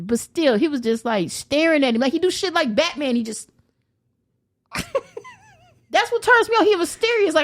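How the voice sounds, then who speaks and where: A young woman, a podcast guest, ranting in loud, brash, profane casual chat and laughing as she goes. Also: high-pitched, expressive, moderate pace, long pauses.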